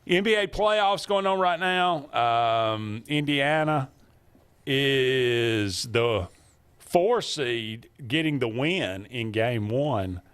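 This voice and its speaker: Slow-talking man hosting sports radio. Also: mid-range voice, expressive, a bit bright, clear, resonant tone. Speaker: radio show host. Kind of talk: casual sports talk chat.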